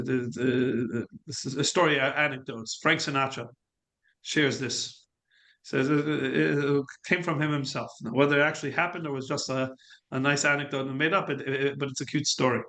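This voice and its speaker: A middle-aged man teaching a Torah class as a rabbi. He talks in a halting way, with many fillers and restarts, and mixes in storytelling. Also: medium pitch, a bit bright.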